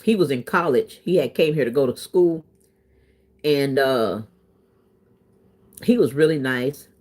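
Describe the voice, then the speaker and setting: In her 30s, this woman has an unhurried bass voice and chats casually as a vlogger telling personal stories. She's animated and emphatic, swinging into quoted voices as she goes.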